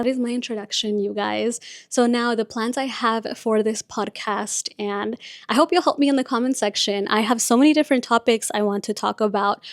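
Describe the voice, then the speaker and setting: A woman's voice: a little high, dry recording, clean studio sound. A young woman whose first language is Spanish, hosting her podcast in a chatty, confiding way, often saying "like" and "you guys". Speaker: podcast host. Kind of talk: casual chat.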